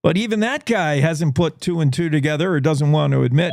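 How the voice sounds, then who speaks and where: Male morning show host, slightly high voice, dry close sound, playful storyteller. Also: brisk, gravelly, hardly any pauses, darkish tone, no echo. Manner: playful, spins speculative stories. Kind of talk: talk radio monologue.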